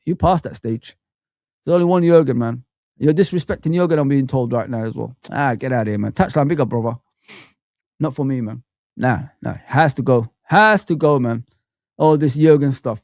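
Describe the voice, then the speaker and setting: A man's voice: a little high, vocal fry, darkish tone, no room sound, studio quality. A man hosting a live football fan stream, chatting with viewers and ranting animatedly. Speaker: football fan channel host.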